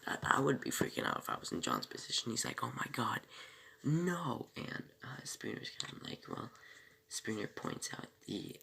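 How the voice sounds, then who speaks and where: A man talks through a TV episode recap in a bright, very gravelly voice whose pitch swings widely. He rambles, piles on fillers and self-corrections, and breaks off for small asides before picking the story back up. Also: huge pitch swings, brisk, a little hiss or hum. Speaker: TV episode reviewer.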